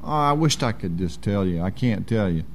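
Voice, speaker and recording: A man's voice: lowish voice, animated, normal speed. A man preaching a sermon in a folksy, emphatic way.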